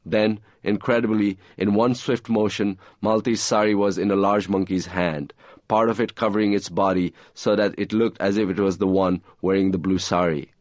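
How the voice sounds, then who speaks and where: A man reading aloud from his own novel in a measured, even storytelling manner. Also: on the low side, no room sound.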